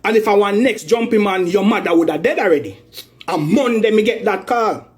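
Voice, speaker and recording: High-voiced Jamaican man ranting. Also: a little fast. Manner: aggrieved, accusing, repetitive. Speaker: man airing a family dispute. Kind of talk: heated spoken rant in patois.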